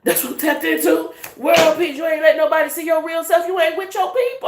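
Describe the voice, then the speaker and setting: A woman's voice: very high-pitched, steady tone, fairly quick, few pauses. A woman giving a casual, profane and emphatic tarot reading with laughing asides. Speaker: tarot reader. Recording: echoey room, faint noise.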